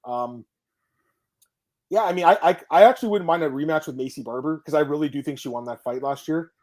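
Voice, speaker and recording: A man hosting a podcast in casual sports chat, excitable, swearing now and then and reading out viewer comments. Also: a little high, fairly quick. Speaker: podcast host.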